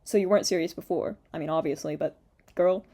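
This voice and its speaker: A woman's voice: deep voice, fast talker, dark tone. A young woman doing reaction commentary, sarcastic and exasperated, swearing freely. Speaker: commentary youtuber.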